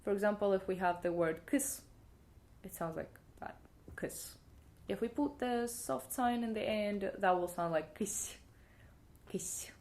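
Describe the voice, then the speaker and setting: A woman's voice: medium pitch, a little mellow. A woman with a Russian accent teaching the alphabet in a playful video lesson, repeating each sound for the viewer. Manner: playful, demonstrates sounds slowly and repeats them. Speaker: language teacher.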